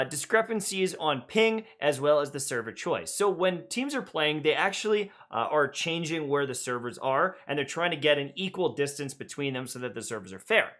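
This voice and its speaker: Bright-voiced man on a gaming podcast. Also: a little high. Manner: loose and rambling, many fillers. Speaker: podcast co-host. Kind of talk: casual gaming podcast chat.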